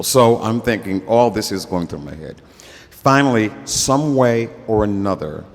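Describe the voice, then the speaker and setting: An older man telling a story live on stage, relaxed and conversational, acting out the voices of the people in it. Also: on the low side. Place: festival workshop stage. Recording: reverberant stage sound.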